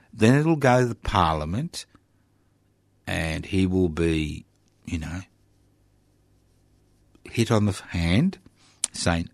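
A man with an Australian accent delivers sarcastic political commentary on community radio, his voice very low and deep. He jabs with mocking, emphatic bursts. The sound is dry and close, with no room around it. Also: expressive, takes it slowly, pauses often, a little mellow, no room sound.

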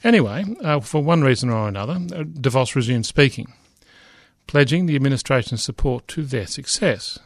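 A man's voice: medium pitch, expressive, normal speed, no echo, studio quality. A middle-aged man lecturing, reading a news report aloud with frequent asides, fillers and restarts.

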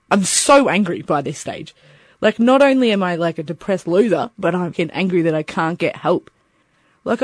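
A man's voice: high-pitched, dry recording. A young Australian man candidly recounting his experiences, swearing freely and acting out what people said to him. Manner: candid, swearing, acts out quoted voices. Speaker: peer interviewee. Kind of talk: personal storytelling.

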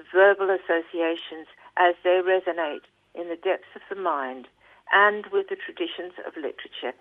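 A book reviewer reading a scripted review aloud in a measured, deliberate way. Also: medium pitch, no room sound. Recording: tinny phone-like line, dry.

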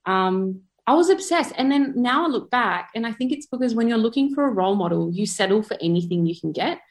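A woman's voice: fairly high pitch, animated, brisk. A woman in her thirties from Perth with an Australian accent. She tells her own story in a chatty, reflective way and often says "like". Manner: chatty, with many filler "like"s. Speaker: photographer and activist.

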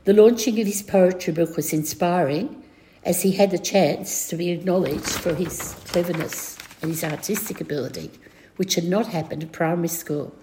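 A woman's voice: fairly low pitch, moderate pace, mellow, slight background noise. An older woman reading a reflective memorial tribute for a school friend.

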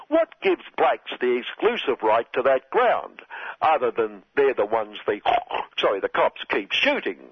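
Sarcastic husky Australian man. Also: mid-range voice, no echo. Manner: sarcastic, deadpan mock praise. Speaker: satirical commentator. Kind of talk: sardonic scripted political satire. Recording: dull lo-fi recording.

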